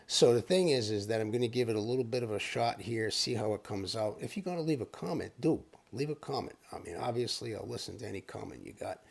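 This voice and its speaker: A man's voice: on the low side, animated, fast, vocal fry, few pauses, slightly rough. An older man hosting his own channel, talking in a loose, rambling way with lots of asides. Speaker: channel host. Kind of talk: casual storytelling to camera.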